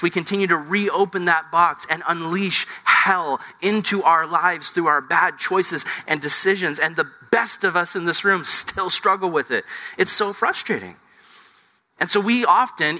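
A man in his thirties preaching a conversational sermon, acting out little scenes in lively voices. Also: high voice, normal speed. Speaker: pastor.

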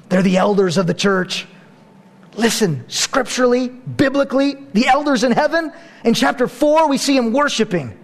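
Animated high-voiced male preacher. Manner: animated, swings from hushed to loud; playful asides and self-mocking humor. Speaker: pastor. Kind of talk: sermon.

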